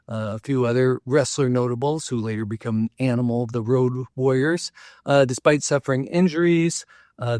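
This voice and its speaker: A man from Minnesota, US, hosts a local history podcast, telling stories in a chatty, loose, rambling way full of fillers, asides, and small jokes. His voice is at an ordinary middle pitch, and the recording is dry and close with no room sound.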